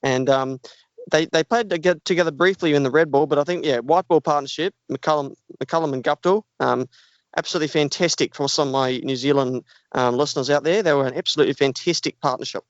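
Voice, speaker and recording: A man's voice: mid-range voice, racing, few pauses, dry recording, close to an everyday voice. A man hamming up a fake New Zealand accent in upbeat, casual podcast chat, heaping on praise. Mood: jokey. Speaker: podcast co-host. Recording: dull lo-fi dry podcast audio.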